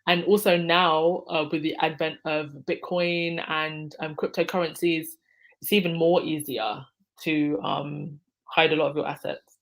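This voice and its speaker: A woman's voice: deep voice, flat delivery, a little slow, rough recording. A woman hosting a casual live stream, reading out viewer comments and answering them by name, laughing often. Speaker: livestream host reading chat.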